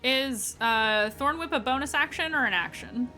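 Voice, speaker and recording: Bright-voiced woman running a tabletop game. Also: high-pitched, moderate pace, faint music behind. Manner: friendly, explains rulings, checks in with players. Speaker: dungeon master.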